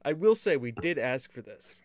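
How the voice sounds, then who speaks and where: A man's voice: mid-range voice, big pitch swings, moderate pace, dry recording. A man co-hosting a gaming podcast in casual, joking chat, rambling and full of puns. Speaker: podcast co-host running the stream.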